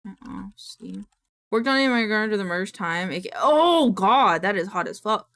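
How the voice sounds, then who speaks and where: A young woman streaming live, chatting casually, reading chat aloud and swearing a lot when excited. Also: mid-range voice, moderate pace.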